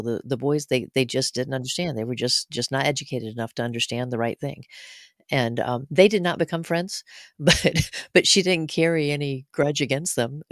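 A man hosting a podcast who speaks earnestly and in a halting way, often repeating words. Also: medium pitch, no room sound, studio quality. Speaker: podcast host. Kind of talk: conversational interview.

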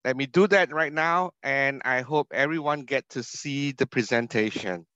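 A man's voice: mid-range voice, normal speed, bright, forceful tone, clear, resonant tone, dry recording. A man from Singapore with a Singaporean English accent, a university academic giving a keynote lecture over a video call, stressing key words and asking rhetorical questions. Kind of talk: online conference lecture. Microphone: video call computer mic. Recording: dull, dry video call audio.

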